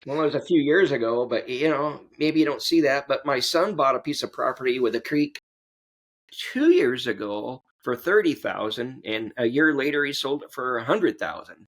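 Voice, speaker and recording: A man's voice: medium pitch, animated, normal speed. A man, a podcast guest in casual chat, telling jokes and anecdotes with a chuckle. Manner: joking storyteller, acts out voices in anecdotes; chuckles while telling stories.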